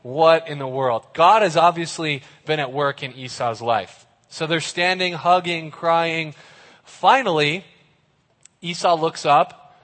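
Playful preacher man, animated and audience-involving, a bit high-voiced, long hall reverb. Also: a little slow. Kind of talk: lively youth sermon.

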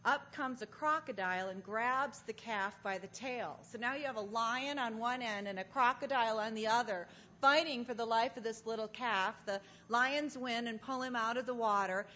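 Bright-voiced woman giving a devotional talk. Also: a little high, moderate pace. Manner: earnest, animated storyteller. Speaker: speaker at a women's gathering. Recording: dull lo-fi sound, faint noise.

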